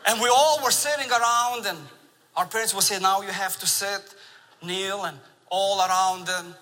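Bright-voiced man preaching in a hall. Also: sits high, moderate pace, a little hiss or hum. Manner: animated storytelling with laughs. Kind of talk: sermon. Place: large church sanctuary. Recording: long reverb of a large church hall.

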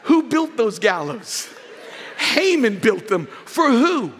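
A male preacher with a bright, ringing tone delivers a sermon in an unhurried, deliberate pace. He acts out the story, throwing in asides and raising his voice for emphasis. His words carry a long reverb, as if he is preaching in a large hall. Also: extremely high pitch, slight background noise. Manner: animated storytelling preacher, acting out scripture with shouts and asides. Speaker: pastor.

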